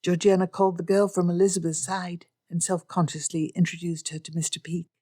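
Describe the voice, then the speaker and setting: A woman reading a period romance audiobook in a measured narration style. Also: lowish voice, little pitch movement, dark tone. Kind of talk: scripted narration.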